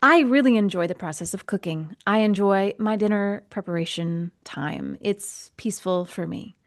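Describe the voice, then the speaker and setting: A woman hosting a podcast, telling a personal story in a casual, animated way and acting out the voices in it. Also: medium pitch, moderate pace. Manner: animated, acts out quoted voices, laughs often. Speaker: podcast host.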